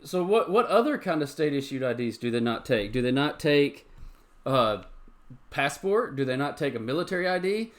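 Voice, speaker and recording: A man's voice: on the high side, sing-song, moderate pace. A man hosting a live-stream chat show, talking chattily and ranting, with lots of repeated phrases. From Tennessee. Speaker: show host.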